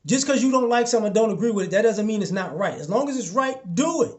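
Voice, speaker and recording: A young man giving a casual motivational talk to his followers, preaching and repeating himself, often acting out little exchanges in a lower voice. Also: animated, quick pace, a little mellow. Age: young adult. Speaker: motivational vlogger.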